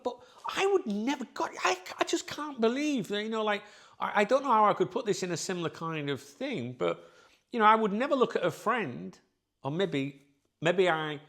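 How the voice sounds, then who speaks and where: Middle-aged male host, lively pitch swings, candid sweary rant to camera. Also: vocal fry. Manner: blunt, sweary, rambling. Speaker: channel host.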